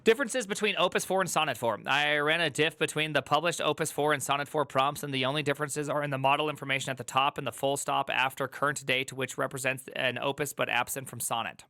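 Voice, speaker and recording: A man's voice: medium pitch, fairly even intonation, pushed and bright, dry recording, clean studio sound. A man on a tech stream reading an article aloud and breaking off into joking asides. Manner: reads aloud with quick asides and joking rants. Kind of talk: casual reaction stream.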